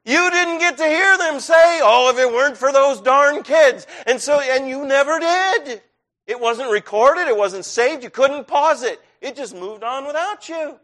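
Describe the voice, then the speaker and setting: High-voiced male preacher, conversational. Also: bright, forceful tone. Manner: conversational, rising to intense. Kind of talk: sermon.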